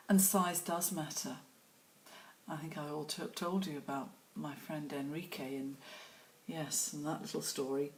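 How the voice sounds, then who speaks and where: A woman's voice: low voice, level tone, unhurried. A woman chatting casually and telling stories while she paints in her studio, laughing often. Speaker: watercolour artist and host.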